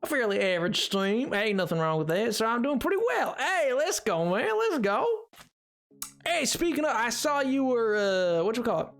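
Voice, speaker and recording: A man's voice: very high-pitched, big pitch swings, normal speed, a bit bright, full character voice. A man streamer putting on a friendly Southern cowboy voice with a folksy drawl while greeting viewers on a live game stream. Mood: folksy cheerful. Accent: put-on American Southern. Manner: drawling, folksy phrases, breaks into laughter.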